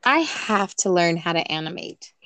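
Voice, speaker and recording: A woman's voice: on the low side, lively intonation, moderate pace, a bit bright, no echo. A woman hosting a casual chat, mostly giving short reactions and teasing questions.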